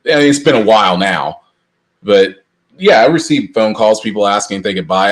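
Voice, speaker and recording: A man's voice: on the low side, moderate pace, long pauses. Rambling middle-aged man telling anecdotes. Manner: rambling, animated anecdotes with restarts. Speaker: podcast co-host. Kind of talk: casual storytelling chat.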